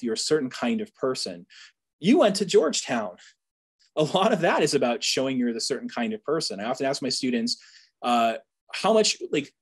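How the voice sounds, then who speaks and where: A man from the Boston area, a university professor, giving an informal lecture to alumni with joking asides and frequent "right?" tags. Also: medium pitch.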